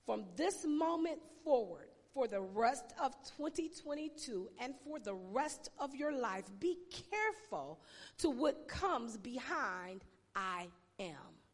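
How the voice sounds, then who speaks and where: A woman pastor preaching a sermon with emphatic pauses and shouted exclamations, her voice sounding tired. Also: high voice, animated, big-room sound.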